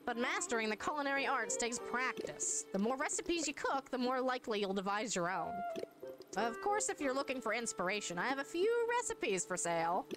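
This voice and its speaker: A woman's voice: on the high side, very animated, a little fast, over music. A woman voicing a refined female cooking shop keeper with a grand, theatrical manner. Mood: grandly theatrical.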